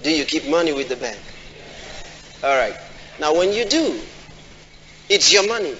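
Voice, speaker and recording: A man preaching a sermon, often asking the congregation questions and acting out quoted voices in a high pitch. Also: very animated, normal speed, sharp tone, slight background noise. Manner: call-and-response questions to the congregation. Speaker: pastor. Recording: dull audio in a large reverberant hall.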